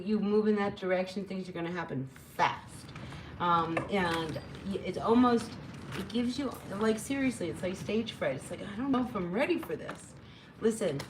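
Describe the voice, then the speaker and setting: Brief: woman tarot reader, mid-pitched, talking casually and warmly to her viewers. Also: slight background noise, poor audio. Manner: chatty, rambling, encouraging, with frequent fillers. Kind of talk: casual spoken tarot reading.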